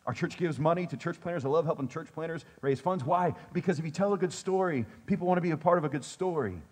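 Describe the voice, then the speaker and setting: A man's voice: on the high side, fast, darkish tone. A male pastor preaching a sermon in a conversational way, with joking asides to his congregation.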